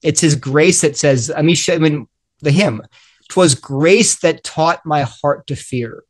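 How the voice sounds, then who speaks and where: A middle-aged man with a fairly high voice talks earnestly in a group discussion. He acts out small dialogues as he goes. He often restarts his sentences midway. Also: a little slow. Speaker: guest author. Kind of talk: animated discussion.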